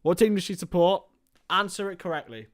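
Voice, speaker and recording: A man's voice: high voice, lively intonation, fairly quick, no echo, studio quality. A young man hosting a casual football watchalong stream, joking and chatting to viewers as lads. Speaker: livestream host.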